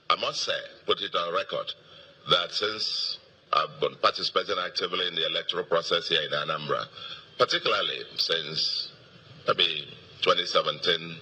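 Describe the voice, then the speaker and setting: A middle-aged man with a Nigerian accent speaks to a crowd of supporters in a very deep, husky voice that still cuts through sharply. His delivery is emphatic and oratorical, repeating phrases for weight and pausing on fillers. It has the rhythm of a political victory speech. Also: sharp tone. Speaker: state governor.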